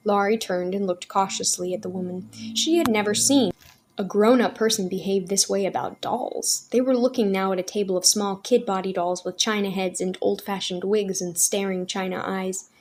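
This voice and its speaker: A woman storyteller gently and expressively reading a children's novel aloud. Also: medium pitch, fairly even intonation, moderate pace.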